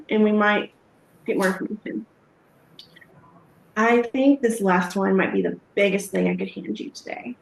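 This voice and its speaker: A woman's voice: mid-range voice, steady tone, moderate pace, gravelly, long pauses. A woman giving a live training talk on trauma-informed care, conversational, with frequent fillers and acted-out sample questions. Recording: echoey room.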